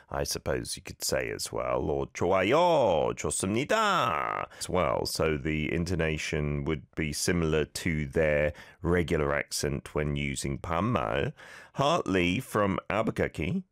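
A man's voice: a bass voice, normal speed, no echo, clean studio sound. A man hosting a radio show, teaching listeners Korean phrases in a chatty, friendly way and laughing along with their clips.

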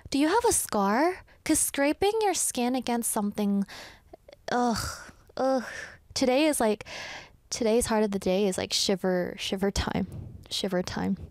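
A woman's voice: mid-range voice, no room sound. A young adult woman hosting a radio show, chatting casually and teasing as she reads listener messages. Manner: playful teasing, animated, quick asides. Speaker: radio host.

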